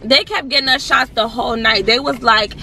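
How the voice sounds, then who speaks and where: A young woman telling a night-out story to friends, animated and swearing, acting out what others said. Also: on the high side, fairly quick, gravelly, a little hiss or hum. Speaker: friend of the vlogger. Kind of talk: casual storytelling among friends.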